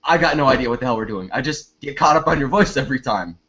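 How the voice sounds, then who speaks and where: A man's voice: medium pitch, animated, quick pace, a bit bright, natural voice. A man improvising a brash, blunt male morning-show co-host who gets impatient, in a comedy scene over a lo-fi online call. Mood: mocking. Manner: blunt, impatient, breaks into laughter. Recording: dull lo-fi online call audio.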